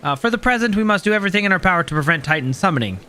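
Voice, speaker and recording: A man voicing a formal, earnest young male scholar who speaks in measured terms. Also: high voice, lively intonation, pushed and bright, a little hiss or hum.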